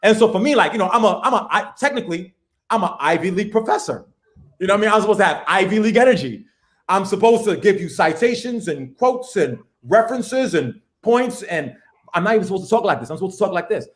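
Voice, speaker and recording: A man, a professor talking as a guest in a casual, animated, slangy way, laughing as he goes. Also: high-pitched, quick pace. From the Bronx, New York. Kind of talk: casual conversation.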